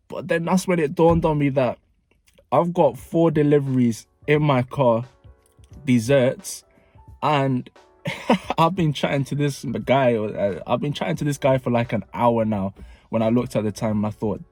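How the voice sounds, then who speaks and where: A young man tells a story straight to camera in a relaxed, chatty way. He gets animated and repeats phrases for emphasis, with his voice at an ordinary mid pitch. Soft music plays faintly underneath. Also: measured pace, no room sound. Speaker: vlogger. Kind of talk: casual storytime narration.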